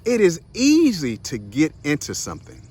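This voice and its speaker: A man's voice: fairly high pitch, moderate pace, breathy edge. Chatty young man telling a story. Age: young adult. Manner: animated, chatty, addresses viewers directly as "y'all" and "guys"; laughs often and acts out voices in his story. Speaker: host of a short motivational video series. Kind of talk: casual storytelling monologue.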